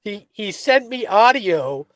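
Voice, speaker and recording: A man's voice: high-pitched, very animated, slow, fairly bright tone, no room sound. A man co-hosting a sports podcast, chatting casually with dry teasing. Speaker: podcast co-host.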